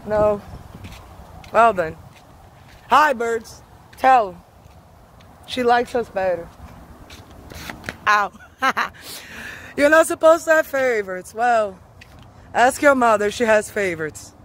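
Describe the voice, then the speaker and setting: A woman's voice: a little high, animated, slow, long pauses, fairly bright tone, a little hiss or hum. A woman vlogging in a casual, rambling monologue, profane and offhand, laughing often as she talks outdoors on a street.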